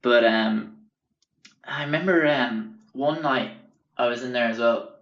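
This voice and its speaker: A man's voice: mid-range voice, a little slow. Rambling sweary man telling stories. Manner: rambling, sweary, acts out quotes. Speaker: podcast host. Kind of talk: casual storytelling. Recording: roomy, dull lo-fi sound.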